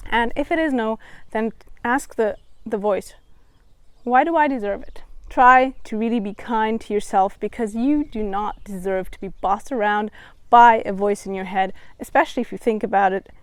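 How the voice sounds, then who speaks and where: A woman mental coach giving step-by-step advice in a calm, encouraging vlog. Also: mid-range voice, clean tone, no echo.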